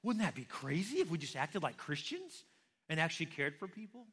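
A man's voice: fairly high pitch, very animated, brisk, fairly bright tone, husky. A man preaching a sermon as pastor, conversational and full of rhetorical questions. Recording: long reverb of a large hall.

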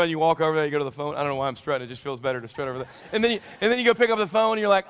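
Joking preacher in a big echoing hall. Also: male voice, sits high, racing, clear, resonant tone. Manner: animated, joking, acts out quotes. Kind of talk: sermon. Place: large church hall during a service. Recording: long reverb of a large hall.

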